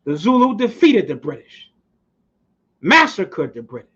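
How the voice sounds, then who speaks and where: A man's voice: high-pitched, huge pitch swings, a little slow, a bit bright, slightly rough. A man giving a fiery, preachy motivational speech, swearing now and then for emphasis. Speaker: speaker at a community society. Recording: muffled lo-fi recording.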